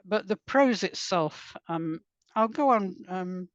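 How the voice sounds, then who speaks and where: Woman author, soft lyrical reader, lo-fi dry audio. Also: mid-range voice, animated, no echo. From Wales. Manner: soft, unhurried, lyrical reading. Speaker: guest author and poet. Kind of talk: podcast interview with poetry reading. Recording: dull lo-fi dry sound.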